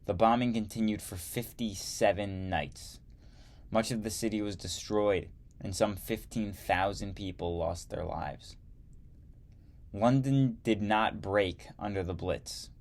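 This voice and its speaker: A man teaching history, reading a textbook aloud slowly and adding wry asides. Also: on the low side.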